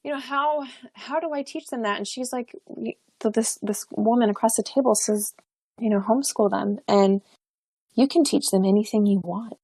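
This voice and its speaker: A woman's voice: fairly high pitch, normal speed, dark tone, slightly rough, dry recording. A young adult woman, a podcast guest, telling a personal story in a chatty way, full of fillers and restarts and frequent laughs.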